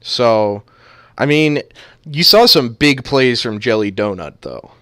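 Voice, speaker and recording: Lively joking male esports caster. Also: mid-range voice, takes it slowly, no room sound, studio quality. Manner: joking, playful banter. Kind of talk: live game commentary.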